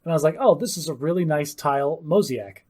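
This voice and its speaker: A man with a somewhat raised, husky voice, bantering on a podcast. His talk is playful and teasing. He speeds up when making a point. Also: on the high side, fast, a little mellow. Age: adult. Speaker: podcast co-host. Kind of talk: casual chat.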